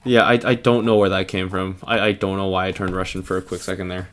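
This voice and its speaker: Young guy kinda low voice, goofy rambly drawing commentary, keys clacking behind. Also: flat delivery, fast talker, fairly bright tone. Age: young adult. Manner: goofy, self-mocking rambling. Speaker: vtuber artist.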